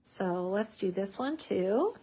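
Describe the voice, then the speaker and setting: A woman's voice: medium pitch, expressive, slow, dark tone, husky. A woman hosting a live crafting tutorial, chatty and bubbly, with many fillers.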